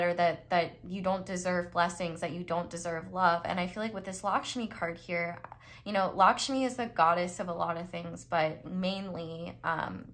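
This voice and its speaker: Chatty low-voiced woman reading tarot. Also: fairly bright tone. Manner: chatty, heavy use of "like" and "um", frequent restarts. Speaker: tarot reader. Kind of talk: casual psychic tarot reading.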